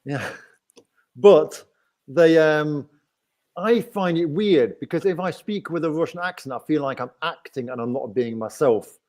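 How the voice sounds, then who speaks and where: A man's voice: fairly high pitch, animated, measured pace, a little mellow. A man with a Nottingham English accent hosting a casual livestream chat, rambling and often asking "right?". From England. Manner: chatty, rambling with frequent "right?". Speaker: host.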